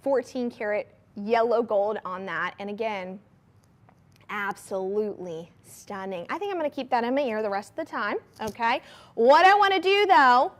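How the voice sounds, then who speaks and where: A woman hosting a live shopping channel, pitching products to viewers in an upbeat, chatty way. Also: animated, moderate pace. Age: adult mother of a young child. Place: TV studio.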